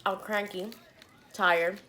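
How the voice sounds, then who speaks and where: A young woman vlogger telling a story to the camera between bites, animated and blunt, with the odd swear word. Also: medium pitch, a little slow. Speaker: mukbang vlogger. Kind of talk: storytime chat while eating.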